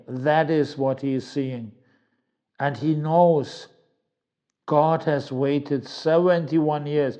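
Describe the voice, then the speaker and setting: A man's voice: fairly high pitch, mellow, lo-fi sound. A man preaching and telling a story dramatically, stacking repeated phrases for emphasis.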